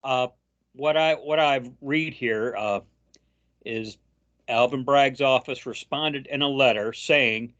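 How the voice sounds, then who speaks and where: Man, casual political chat, reads quotes aloud, halting fillers, lo-fi sound. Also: medium pitch, fairly bright tone. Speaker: co-host.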